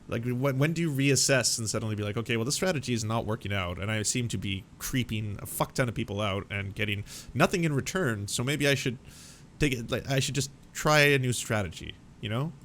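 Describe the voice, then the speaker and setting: A man co-hosting a comedy show, rambling fast and acting out crude pick-up lines in mock voices. His voice sits at a middle pitch. A faint low rumble runs under the recording. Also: fairly bright tone. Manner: rambling, quick, acts out crude mock dialogue. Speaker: co-host. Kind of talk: comedic commentary.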